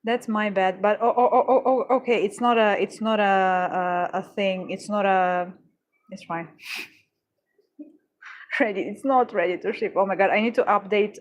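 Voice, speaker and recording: A woman's voice: medium pitch, steady tone, normal speed, dull audio. A woman chatting casually while working on orders, easily startled, laughing often and correcting herself as she talks. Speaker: crafting livestreamer.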